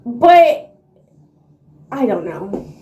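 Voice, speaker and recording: High-voiced woman, excitable slangy book vlogger, roomy echo on a phone mic. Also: extremely slow, dull audio. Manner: excitable, slangy, swears freely, laughs often. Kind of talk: casual reading vlog chat. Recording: echoey room on a phone mic.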